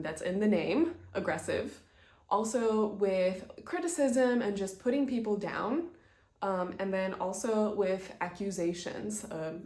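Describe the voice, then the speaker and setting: A woman with a medium-pitched, somewhat dark voice gives an instructional talk on communication skills. She explains ideas earnestly through example stories, and the room sounds echoey.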